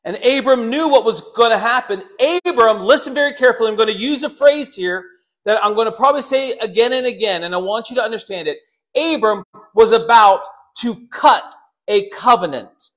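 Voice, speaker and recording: Preaching to his congregation, a pastor speaks in an extremely high-pitched voice at a slightly fast clip. He's animated, addressing members directly and putting on voices to dramatize the quotes he tells.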